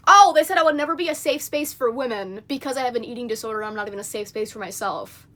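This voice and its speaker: A woman's voice: on the high side, quick pace, hardly any pauses, sharp tone. A young woman on a phone livestream, venting in an indignant, rambling rant full of fillers. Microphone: phone mic.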